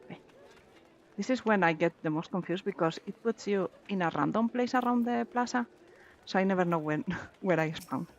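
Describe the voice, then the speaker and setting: A woman's voice: mid-range voice, moderate pace, highs cut off, slight background noise. A woman streaming a game in casual commentary, chatty and giggly, thinking aloud as she plays.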